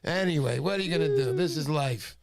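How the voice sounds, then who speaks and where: A man hosts a casual fishing livestream with a slightly high, gravelly voice. He rambles through stories, acting out the other people's lines as he goes. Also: a little fast. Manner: storytelling, acts out quoted voices, rambling. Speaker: livestream host. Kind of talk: casual chat.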